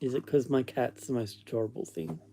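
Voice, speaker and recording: A man's voice: mid-range voice, brisk, very noisy. A man vlogging in casual chat to the camera, joking and talking to his toys and his cat.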